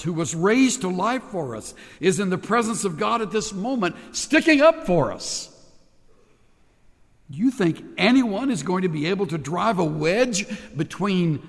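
A man's voice: sits high, fairly bright tone, in a large hall. A man preaching a sermon as pastor, impassioned and emphatic, leading the congregation in call-and-response during an altar call. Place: large church sanctuary.

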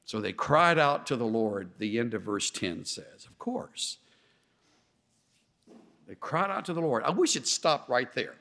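A man preaching a sermon in an animated way, acting out the voices he quotes with sarcasm. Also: medium pitch, a little slow, long reverb tail.

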